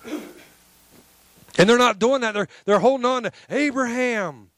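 High-pitched guy preaching in church, punchy and chatty, dry close sound. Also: slow, fairly bright tone, dry recording. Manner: emphatic, conversational preaching with calls to the congregation. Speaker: pastor. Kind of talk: sermon.

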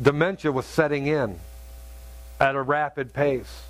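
A middle-aged man preaching a sermon, telling a story in an earnest, halting way with many restarts. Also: on the high side, a bit bright. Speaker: pastor.

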